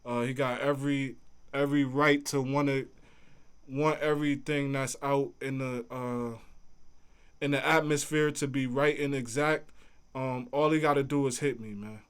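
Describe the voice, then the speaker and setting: A man's voice: medium pitch, steady tone, moderate pace, clear, resonant tone. A man hosting a casual livestream, answering chat in a laid-back, conversational way. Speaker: livestream host reading chat.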